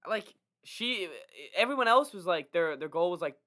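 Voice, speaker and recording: A man co-hosting a podcast, chatting casually and nitpicking a movie with quick asides. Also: high-pitched, expressive, bright, forceful tone. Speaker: podcast co-host. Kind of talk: casual movie review chat.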